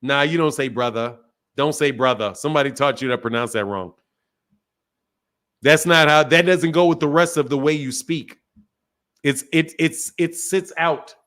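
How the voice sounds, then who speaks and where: A man's voice: a little high, unhurried, a bit bright. A man hosting a live stream, chatting casually with callers in a loose, profane, teasing way.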